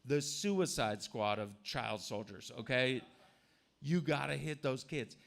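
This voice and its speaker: A man's voice: mid-range voice, takes it slowly, vocal fry, a bit bright. A man doing a crude, provocative stand-up set in a comedy club. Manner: crude, provocative, jumps into mocking voices.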